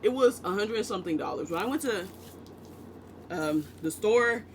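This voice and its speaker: A man's voice: sits high, lively intonation, moderate pace, fairly bright tone, a little hiss or hum. A man from the United States chatting casually as a book vlogger, rambling and cutting into his own sentences with joking asides. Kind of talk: casual rambling vlog chat.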